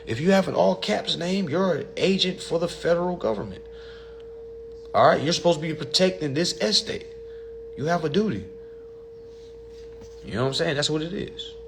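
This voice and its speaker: A man's voice: on the high side, animated, normal speed, creaky, long pauses, fairly bright tone, slight background noise. A man hosting a casual livestream and answering viewer questions, blunt and profane, and often calling his listeners family.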